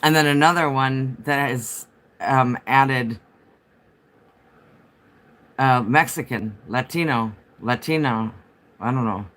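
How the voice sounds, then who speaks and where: A man's voice: medium pitch, takes it slowly, long pauses, fairly bright tone. Rambling man chatting on a livestream. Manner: rambling, chatty, answers viewer comments. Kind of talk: casual livestream chat. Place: home.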